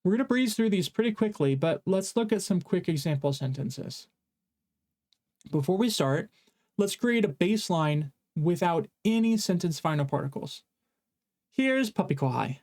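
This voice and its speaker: A man's voice: sits high, animated, moderate pace, darkish tone. A man teaching a casual online language lesson, explaining in a playful, jokey way. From English-speaking foreigner who lived in Japan.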